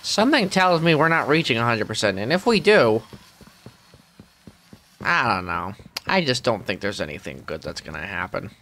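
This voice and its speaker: In this let's play commentary, a gamer voices a weary, cranky middle-aged squid, grumbling sarcastically with deadpan asides. His mid-range voice moves at normal speed with long pauses and is pushed lower than natural, over slight background noise.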